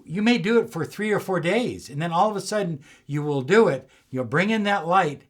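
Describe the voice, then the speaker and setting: A middle-aged man giving slow, soothing, emphatic motivational spiritual teaching. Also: high voice, lively intonation. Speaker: law of attraction teacher.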